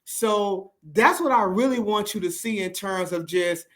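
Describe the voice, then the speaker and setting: A man with a high, sharply bright voice delivers unscripted political commentary on a stream. He talks emphatically, circling back to repeat his points and often restarting mid-sentence. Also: a little slow. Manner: emphatic and repetitive, restarts a lot.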